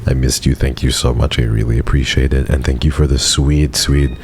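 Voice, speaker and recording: Male streamer with a very deep, dark voice, soft and flat, easing a sore throat. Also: brisk, a little hiss or hum. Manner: soft-spoken and subdued, flat monotone delivery. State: sore throat, speaking gently to spare it. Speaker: VTuber streamer. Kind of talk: casual livestream chat.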